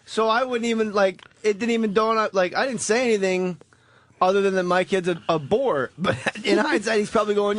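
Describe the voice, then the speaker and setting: A man's voice: high voice, fairly quick, a little hiss or hum. A man on a talk radio show, telling a story in laughing, swearing banter.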